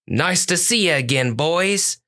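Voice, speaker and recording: A storyteller voicing a brave, kind male police cat officer who speaks softly and reassuringly in a children's story. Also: mid-range voice, expressive, a little slow, voice pushed up. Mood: gentle. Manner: gentle, soft and reassuring.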